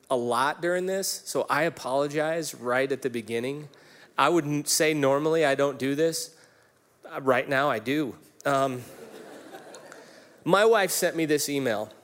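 A man's voice: fairly high pitch, fairly bright tone. A pastor in his forties preaching a sermon, telling personal stories in an emotional, candid way with many fillers and restarts. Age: 40s.

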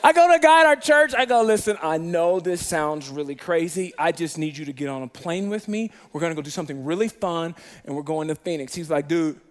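Animated high-voiced man telling a story. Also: brisk, few pauses. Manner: animated, acts out quoted voices with big pitch jumps. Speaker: guest speaker and pastor. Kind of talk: storytelling sermon.

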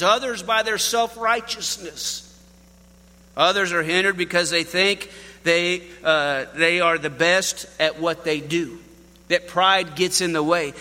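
Male preacher, folksy sermon, high bright voice, long church reverb. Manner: folksy storytelling with Southern address.

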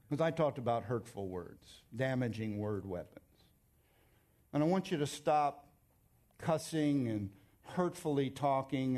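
A man preaching a sermon as pastor, emphatic and conversational, telling stories and joking with his congregation. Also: medium pitch. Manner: animated storytelling, emphatic.

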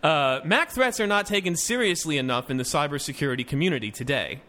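A man's voice: fairly high pitch, expressive, fast, pushed and bright, faint music behind. A man hosting a casual tech podcast, reading news items with loose asides and restarts. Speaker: podcast host.

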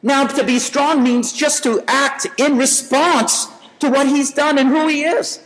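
A man's voice: extremely high pitch, steady tone, unhurried, fairly bright tone, long reverb tail, poor audio. A man preaching a sermon in a conversational way, telling stories and asking rhetorical questions.

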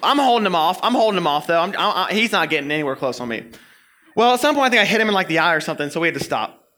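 Bright-voiced young man preaching. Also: sits high. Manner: animated storyteller, playful and quick. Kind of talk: sermon with personal story.

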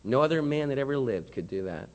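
A male pastor preaching a sermon in a church with impassioned delivery that swings between quiet and loud. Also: mid-range voice, expressive, fast. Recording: long hall reverb.

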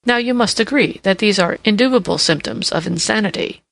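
A woman's voice: medium pitch, fairly quick, creaky, fairly bright tone, dry recording. A woman voicing a grave, confident male minister of police delivering reports, in an audiobook reading. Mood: earnest. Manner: earnest, reporting in formal tones.

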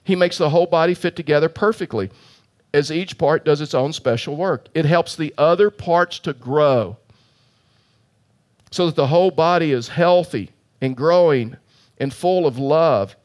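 A man's voice: on the high side, moderate pace. A middle-aged male pastor preaching an earnest sermon, telling a story with emphatic repeated phrases.

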